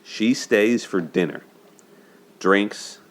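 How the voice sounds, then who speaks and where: A man with a low, deep voice talks through a film's love story in a loose, chatty way. He often checks in with his listeners by asking "right?" and laughs as he goes. It sounds like a relaxed host's commentary. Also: drawn-out words. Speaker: host of a dating and movie commentary show. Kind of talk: casual spoken movie breakdown.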